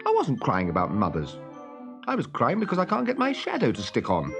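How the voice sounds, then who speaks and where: A man's voice: medium pitch, wildly swooping pitch, gravelly, music in the background. A man reading a storybook aloud and voicing a cocky, boastful boy who crows when pleased and snaps when cross. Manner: crowing, quick to snap.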